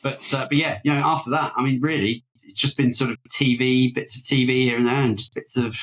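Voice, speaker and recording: A man's voice: mid-range voice, fairly even intonation, a little fast, fairly bright tone, a little hiss or hum, low-quality recording. A man co-hosting a casual film-review podcast, talking in a rambling, hesitant way full of fillers and restarts. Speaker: podcast co-host.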